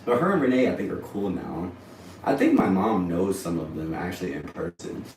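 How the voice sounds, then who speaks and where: A young man on a casual livestream, telling a family story in an animated, rambling way with plenty of swearing. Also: deep voice, brisk. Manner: animated, rambling, profane, often laughs. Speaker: livestream host. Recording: roomy sound, distant from mic, faint background noise.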